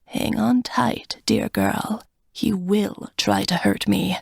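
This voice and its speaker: A woman voicing a protective, defiant cursed male dragon in whispered role-play, speaking gravely and with determination. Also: mid-range voice, sing-song, slow pace, darkish tone, dry recording, clean studio sound, exaggerated voice. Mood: grim resolve.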